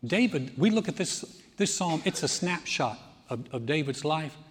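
A male pastor preaching a sermon, shifting from conversational talk to loud, fervent declaration. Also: fairly high pitch, animated, moderate pace, in a large hall, a little hiss or hum.

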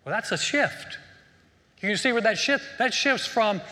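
A man's voice: high-pitched, lively intonation, normal speed, bright, forceful tone. A male pastor preaching a sermon in a conversational way, telling a joke and often restarting his words. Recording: preached in a hall with long reverb.

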